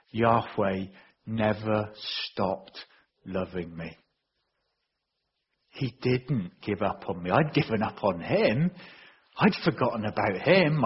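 A man preaching a sermon in an earnest, measured way, pressing his points home with emphatic repetition. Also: lowish voice, husky. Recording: dull lo-fi recording.

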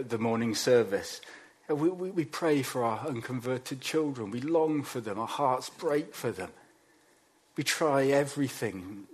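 A man preaching a sermon, acting out quoted voices and dropping to quiet emphasis on key lines. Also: medium pitch, husky.

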